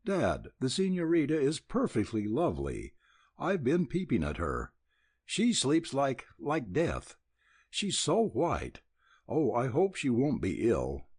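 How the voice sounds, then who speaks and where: A man voicing an eager, excitable young woman in a Western audiobook, breathless and pleading for news. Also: medium pitch, takes it slowly, husky, dry recording, studio quality, pitched above the performer's own voice, heavily acted. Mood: eager, excited.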